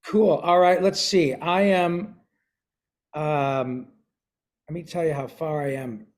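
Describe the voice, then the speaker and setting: An older man, a voice actor, chatting and reading a picture book aloud to a class of children over a video call, clearing his throat now and then. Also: fairly high pitch, steady tone, takes it slowly.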